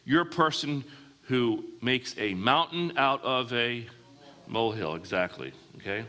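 Bright-voiced preacher in a reverberant hall. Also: male voice, medium pitch. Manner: asks the audience questions and answers them. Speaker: pastor. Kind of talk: sermon.

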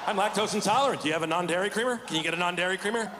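A man's voice: high-pitched, rapid-fire, natural voice. A man doing a whiny lactose-intolerant gladiator. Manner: whining, fussy. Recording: reverberant stage recording with background noise.

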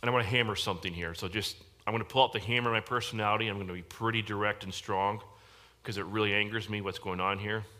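A male pastor delivers a sermon in a church service with a bright, forceful tone. He speaks emphatically and directly, stressing his points. He keeps turning to the congregation with questions. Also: lowish voice, fairly even intonation, quick pace.

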